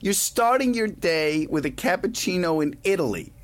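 A man's voice: sits high, animated, moderate pace. A man hosting a comedy podcast in a teasing way, laughing often. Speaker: podcast host. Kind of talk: casual comedy chat.

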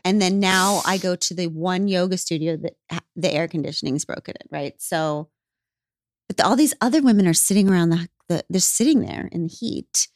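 A woman's voice: on the low side, a little fast, no echo, studio quality. A woman telling a candid story in casual podcast chat, swearing and acting out what she said back then. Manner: candid, swears, acts out her own past lines. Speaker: podcast guest.

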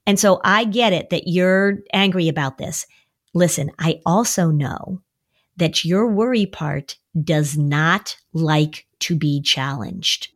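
A conversational parenting podcast features a middle-aged female therapist explaining what to say when a child is worried. Her tone is warm and encouraging, broken up now and then by a high-pitched imitation of a whining child.

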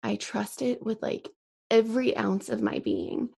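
A woman's voice: fairly high pitch, huge pitch swings, a little slow, vocal fry, mellow, breathy edge. A young woman hosting a solo podcast, chatty with many fillers and sighs, a bit out of breath. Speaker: podcast host.

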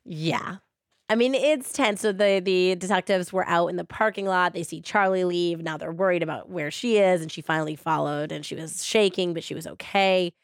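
A woman hosting a podcast, casually retelling a true-crime story and paraphrasing quotes in quick animated bursts. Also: fairly low pitch, smooth, dry recording, clean studio sound. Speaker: podcast host.

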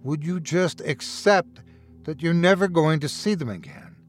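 A man's voice: fairly high pitch, faint music behind. Man voicing a sneering, sinister doctor. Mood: menacing. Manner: taunting, slow and hushed. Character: menacing, mocking adult male doctor.

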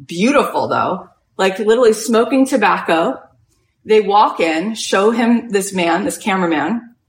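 A woman spiritual coach giving an inspirational storytelling talk, animated and full of "like" fillers. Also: mid-range voice, a little slow. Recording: roomy echo.

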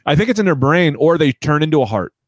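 Man, podcast host, playful riffing, animated pitch, dry studio sound. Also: fast, dry recording. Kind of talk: casual comedic podcast banter.

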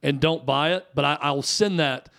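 A man in his thirties co-hosts a talk radio show, trading casual sports chat. His voice sits a little high with a fairly bright tone at normal speed, and he tells stories loosely, with plenty of restarts and fillers.

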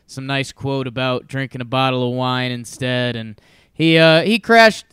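A man's voice: medium pitch, unhurried, fairly bright tone, clear, resonant tone, no room sound, clean studio sound. A man co-hosting a podcast, chatting casually about sports in an easygoing way. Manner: easygoing, many fillers and short agreements. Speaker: podcast co-host.

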